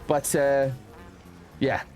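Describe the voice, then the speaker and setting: A man rambles through casual stream commentary, animated and chatty, jumping between thoughts. His voice sits at a middle pitch, with faint music playing underneath. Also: drawn-out words. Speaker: streamer reacting to posts.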